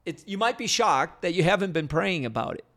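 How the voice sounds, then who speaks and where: A man's voice: sits high, sing-song, fairly quick, pushed and bright. A male pastor teaching in an earnest, conversational way, often restarting and repeating phrases. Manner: earnest, repetitive, many restarts.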